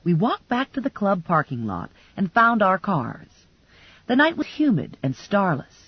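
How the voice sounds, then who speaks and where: A woman narrating a first-person crime comedy audiobook in a lively, wry storytelling manner. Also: mid-range voice, unhurried, breathy edge, muffled recording.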